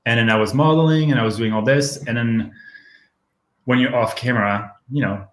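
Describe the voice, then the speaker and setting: A man around thirty speaks with a French accent in a loose, candid interview, laughing easily between his answers. His voice sits at an ordinary pitch and carries the echo of a roomy home kitchen. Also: fairly quick, fairly bright tone. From France. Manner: laughs often, candid and joking. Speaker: guest. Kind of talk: casual interview chat.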